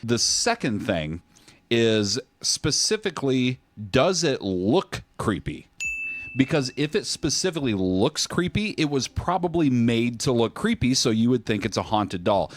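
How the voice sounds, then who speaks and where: A man's voice: medium pitch, sing-song, a little slow, slight background noise. A man hosting a casual podcast chat, loose and joking, with plenty of swearing. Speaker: podcast host.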